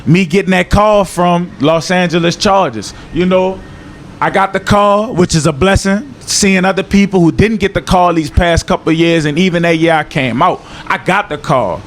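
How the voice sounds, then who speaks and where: A young man with a New Orleans accent, chatting casually as an interview guest, laid-back and slangy, sometimes dropping to a low earnest tone. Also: moderate pace, a little hiss or hum. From New Orleans, Louisiana. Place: outdoors in Miami.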